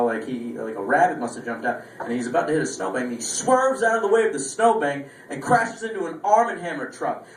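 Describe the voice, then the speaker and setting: A man's voice: a little high, a little hiss or hum. A young man doing stand-up comedy, telling rambling, profane stories about his week. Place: small lounge stage. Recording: echoey room, voice from far. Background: faint room ambience, audience laughter.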